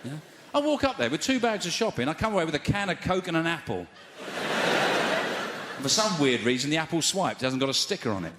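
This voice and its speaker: A man's voice: big pitch swings, fast talker. Exasperated male stand-up in a big theatre. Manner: exasperated, lurches into loud high shouting when acting out scenes. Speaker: stand-up comedian. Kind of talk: stand-up comedy. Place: large theatre stage. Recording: roomy theatre sound with loud crowd noise.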